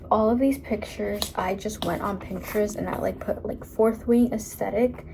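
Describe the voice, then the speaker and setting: A young woman chatting casually in a reading vlog, gushing as a fan and often dropping to a hushed, whispery voice. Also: medium pitch, steady tone, moderate pace, vocal fry, background noise. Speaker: book vlogger.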